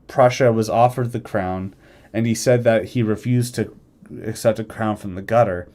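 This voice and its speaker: A man talking casually on a live stream, rambling through an alternate history, correcting himself and acting out nations in quick quoted asides. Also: lowish voice, warm tone. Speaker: streamer discussing a game mod's alternate history.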